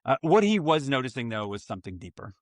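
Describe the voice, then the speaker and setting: A man's voice: mid-range voice, sing-song, fast talker, no room sound, clean studio sound. Earnest father hosting a parenting podcast. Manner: earnest, reflective, with self-mocking asides. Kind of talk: solo podcast monologue.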